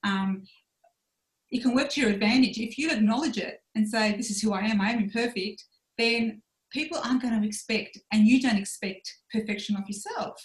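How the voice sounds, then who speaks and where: A woman's voice: on the high side, moderate pace. Frank woman in her forties, roomy sound. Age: 40s. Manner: frank and self-reflective, acting out her own inner voice. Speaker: podcast guest. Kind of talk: candid personal conversation.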